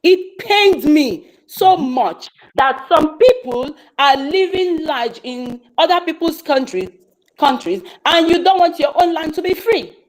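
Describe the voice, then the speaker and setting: A woman's voice: high-pitched, animated, a little slow, poor audio. A woman speaking on a call, telling a story with passion, often repeating herself and restarting sentences. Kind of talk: casual testimony on a live call.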